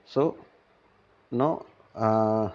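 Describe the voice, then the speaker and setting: A man's voice: fairly low pitch, very slow, darkish tone. A male teacher explaining a play line by line in plain words, often checking in with "right?". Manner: paraphrases each line, keeps asking "right?". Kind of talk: line-by-line literature lesson. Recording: dull lo-fi recording.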